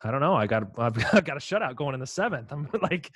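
A middle-aged man, a former pitcher, co-hosting a podcast, telling an animated anecdote in casual chat. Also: fast, dry recording, clean studio sound. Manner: animated anecdote teller, quotes others.

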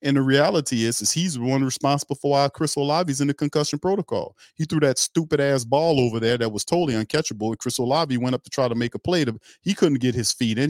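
A man hosts a sports fan livestream, ranting bluntly and mockingly with slang and cursing in heated fan commentary. His mid-range voice is a little mellow, and the clean studio sound has no echo.

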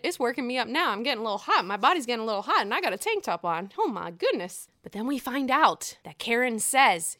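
A woman's voice: a little high, expressive, normal speed, hardly any pauses, fairly bright tone, no room sound, clean studio sound. A young woman hosting a podcast and recapping a reality show in a heated, profane, emphatic way. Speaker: podcast host.

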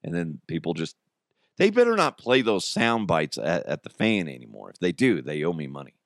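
A man's voice: deep voice, big pitch swings, moderate pace, no echo, studio quality. A man hosting a podcast in casual, rambling chat, mocking himself and laughing often. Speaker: podcast host.

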